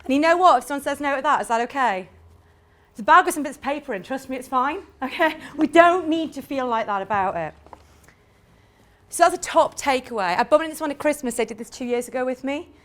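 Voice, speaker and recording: High-voiced animated woman presenter. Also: quick pace. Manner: animated, acts out little scenes in quoted voices. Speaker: sales trainer giving a talk. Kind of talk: lively conference presentation. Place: room with a live audience.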